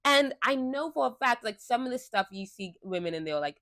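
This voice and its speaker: A young woman talking casually and frankly to a fixed camera, chatty and quick to laugh. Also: medium pitch, a bit bright, no room sound, clean studio sound. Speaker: vlogger. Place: indoors, seated before a fixed camera. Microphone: camera mic.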